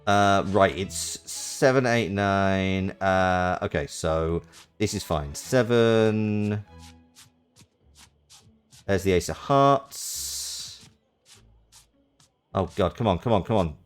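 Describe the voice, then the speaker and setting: A man's voice: deep voice, drawn-out words, long pauses, clean tone, soft background music. A British man streaming a game, chatting casually and rambling with restarts. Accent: British English.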